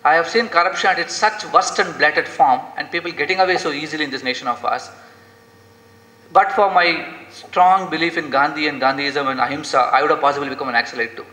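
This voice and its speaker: A man's voice: fairly high pitch, fast talker, sharp tone. A man giving an earnest, impassioned lecture in an echoey lecture hall. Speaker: guest lecturer. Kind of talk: inspirational lecture.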